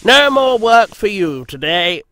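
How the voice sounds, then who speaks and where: A man voicing a brisk male railway controller in a storybook. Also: high-pitched, very animated, sharp tone, pitched above the performer's own voice, exaggerated voice. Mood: vexed.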